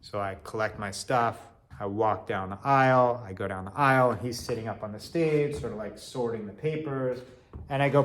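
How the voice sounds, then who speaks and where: A man telling a personal story in an animated way, swinging from loud to quiet. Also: medium pitch, normal speed.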